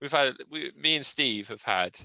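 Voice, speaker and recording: Bright-voiced man telling fight stories. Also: mid-range voice, normal speed, creaky, no echo. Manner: animated, laughs often, acts out quotes. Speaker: podcast guest, MMA coach and commentator. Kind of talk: casual storytelling.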